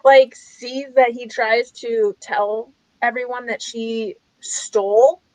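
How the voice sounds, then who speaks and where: A woman hosting a casual book club discussion over a video call, animated and chatty, wandering off on tangents. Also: on the high side, slow pace, no room sound, poor audio.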